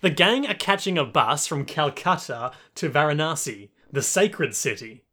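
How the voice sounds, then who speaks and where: A man's voice: on the high side, expressive, fairly bright tone. A man co-hosting a casual podcast, retelling an episode's plot in a playful, joking way. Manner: playful, narrates the plot with quick quoted voices. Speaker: podcast co-host recapping an anime. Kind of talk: casual chat.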